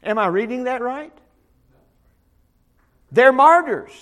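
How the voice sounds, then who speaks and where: A man preaching a Bible study sermon as pastor, emphatic, swinging between loud declarations and soft asides, often repeating words as he starts a phrase. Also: very high-pitched, animated, takes it slowly.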